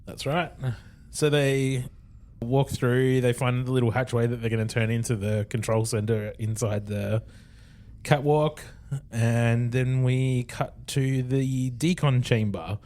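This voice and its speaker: A man's voice: mid-range voice, fairly even intonation, unhurried, a little mellow. Laughing Australian man recapping an episode. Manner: chatty, laughs often while retelling scenes. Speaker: podcast co-host.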